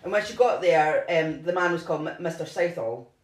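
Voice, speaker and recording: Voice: mid-range voice, animated, brisk. A co-host casually retelling a true-crime story, rambling with lots of "like" and restarts. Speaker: podcast co-host. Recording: roomy echo.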